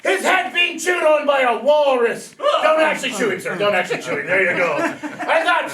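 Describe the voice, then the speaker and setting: A man telling an interactive pirate tale to an audience, loud and theatrical, repeating refrains and bantering with the listeners. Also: very high-pitched, lively intonation, normal speed. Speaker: storyteller leading an audience. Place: brewery event venue with audience. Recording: echoey room, distant mic, loud crowd.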